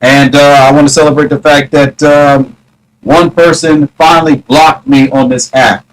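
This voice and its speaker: Brief: man, slightly high voice, loose rambling livestream chatter, phone mic. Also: level tone, poor audio. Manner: rambling, greets chat viewers by name; mock-challenging, drawn-out taunts. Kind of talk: casual live stream chat.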